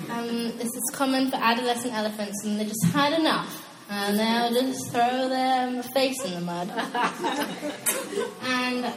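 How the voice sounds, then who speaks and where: A young woman preaching a casual, animated sermon, chatty and quick to laugh at her own asides. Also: a little high, a little hiss or hum. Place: church hall. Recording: echoey hall with long reverb.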